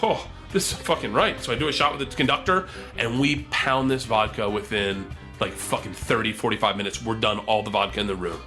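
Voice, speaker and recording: An animated man spinning a wild story in casual podcast talk, swearing freely and jumping into the voices of the people in it. His tone is bright and forceful. Faint music sits under the conversation. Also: fairly low pitch, a little fast. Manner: animated, profane, acts out quotes.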